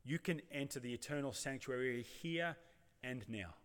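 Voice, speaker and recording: A man delivering a reflective sermon, his voice ringing through a church with a long reverb. He speaks at a middle pitch and poses rhetorical questions. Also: normal speed, a bit bright, smooth. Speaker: preacher.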